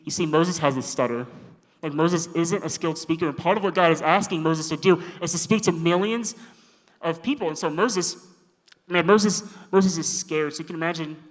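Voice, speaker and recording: Man preaching casually with slang and playful acted-out lines, slightly high voice, echoing hall. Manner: slangy, animated, acts out quoted voices. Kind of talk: casual sermon. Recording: long hall reverb.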